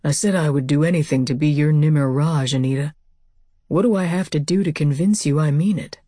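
Woman voicing a soft-spoken earnest young man. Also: sits low, brisk, dry recording, studio quality. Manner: soft, steady, serious.

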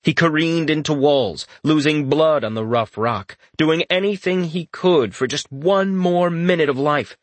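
A man reading a fantasy audiobook aloud in a steady storytelling voice, lifting his pitch for dramatic lines. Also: a little slow, few pauses, no echo. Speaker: audiobook narrator. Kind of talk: scripted fantasy audiobook narration.

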